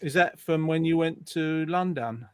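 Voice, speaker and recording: A man's voice: on the high side, unhurried, clean tone. A man hosting a live online show, chatting with guests and reading out viewer greetings in an upbeat way. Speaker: host.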